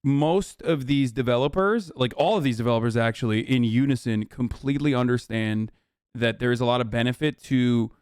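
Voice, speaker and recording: A man streamer talks in a loose, rambling way, restarting sentences and swearing as he goes. His voice is smooth and resonant. The sound is close and dry with no room echo. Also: mid-range voice, a little fast, darkish tone. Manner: rambling, profane, many restarts. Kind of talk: casual chat.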